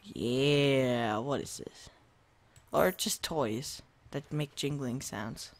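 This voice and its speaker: A gaming video host giving casual let's-play commentary into a desk microphone at a home setup, chatting to viewers and reacting out loud to jump scares. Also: medium pitch, takes it slowly, creaky, husky. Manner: talks to the viewers and to himself while playing.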